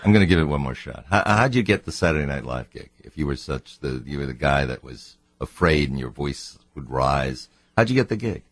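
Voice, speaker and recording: A man's voice: very deep voice, lively intonation, brisk, hardly any pauses, dry recording. A man hosting a talk radio show, joking and teasing his guest at the studio microphone.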